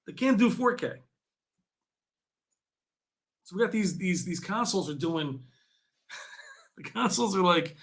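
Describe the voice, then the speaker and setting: A man hosting a casual community livestream chat, excitable and jokey, often laughing and teasing his viewers. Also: on the high side, a little slow. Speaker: livestream host.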